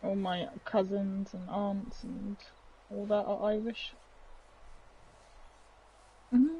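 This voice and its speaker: A woman playing along on a game stream, chatting casually and slowly. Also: medium pitch, fairly even intonation, dark tone, lo-fi sound, a little hiss or hum. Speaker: co-player on stream. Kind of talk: casual chat while gaming.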